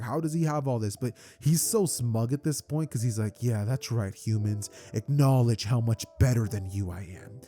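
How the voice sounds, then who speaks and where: A man's voice: mid-range voice, dark tone. A man casually narrating a fan-made story, rambling with lots of fillers. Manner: rambling, filler-heavy retelling. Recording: faint background music.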